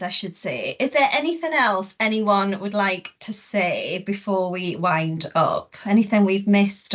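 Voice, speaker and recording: A woman and angling coach hosting a casual group chat, encouraging and quick to agree with her guests. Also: medium pitch, a bit bright.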